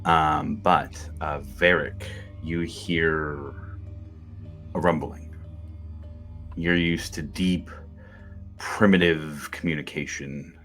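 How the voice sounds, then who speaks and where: A man narrating a tabletop game as game master in a relaxed, descriptive way. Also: very deep voice, slow pace, long pauses, soft background music.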